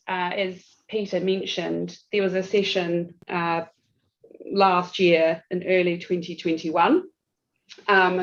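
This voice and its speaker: A woman with a New Zealand accent presenting a legal webinar in a chatty, self-deprecating way with frequent fillers, over a video call. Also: medium pitch. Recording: dull lo-fi video call audio.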